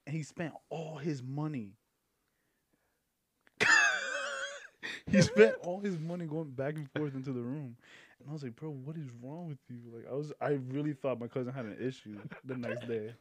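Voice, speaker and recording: A man's voice: medium pitch, moderate pace, pauses often, slight background noise. A young man on a podcast telling a long, profane story in a rambling, casual way, breaking into laughter now and then. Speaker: podcast guest.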